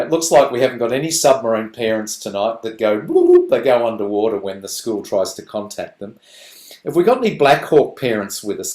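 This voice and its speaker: Animated man in an echoey room. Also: mid-range voice. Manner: animated, acts out parents and children in quick voices. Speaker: parenting workshop presenter. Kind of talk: lively talk to parents on a video call.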